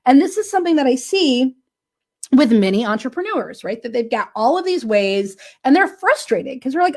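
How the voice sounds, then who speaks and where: A woman business coach tells a client story in a casual motivational talk, animated and laughing often while checking in with "right?" Her voice is high and her pace moderate.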